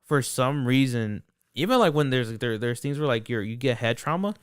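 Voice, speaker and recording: A man's voice: medium pitch, expressive, moderate pace, clean tone, no echo, studio quality. A young man co-hosting a podcast, rambling in casual chat with lots of swearing and restarts. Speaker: podcast co-host.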